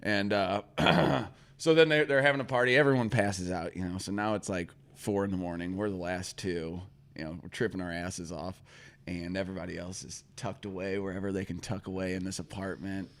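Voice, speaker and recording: A man's voice: deep voice, steady tone, fairly quick, vocal fry. Laughing, rambling male storyteller. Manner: rambling, profane, laughs often mid-story. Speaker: podcast co-host. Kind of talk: casual chat, storytelling.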